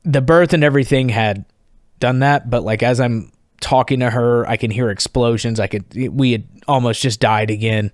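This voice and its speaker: A man in his thirties, a podcast guest, telling a story and laughing as he acts out the dialogue. His voice has a middle pitch and is recorded close and dry, with no room sound. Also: moderate pace, no room sound. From United States. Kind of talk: storytelling in conversation.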